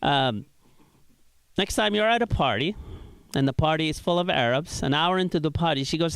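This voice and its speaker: A middle-aged man from Iraq, performing a stand-up set with deadpan delivery and quick voices for the people he quotes. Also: a little high, clean tone, no room sound. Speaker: stand-up comedian. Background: audience laughter.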